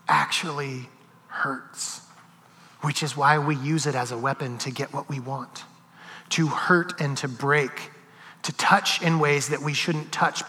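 Bright-voiced preacher in a big hall. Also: male voice, fairly high pitch. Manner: swings from loud and animated to hushed and slow. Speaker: pastor. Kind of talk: sermon with storytelling.

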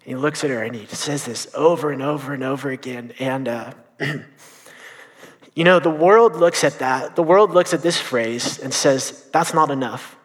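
A young man gives a storytelling sermon to a youth group. He talks earnestly and haltingly, restarting his sentences and filling pauses as he goes, in a mid-pitched everyday voice. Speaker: youth minister.

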